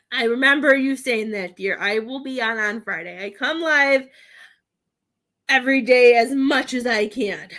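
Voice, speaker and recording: A woman's voice: on the high side, a little slow, a bit bright. A woman chatting casually with viewers on a livestream, rambling and laughing often as she offers readings. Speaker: psychic medium livestreamer.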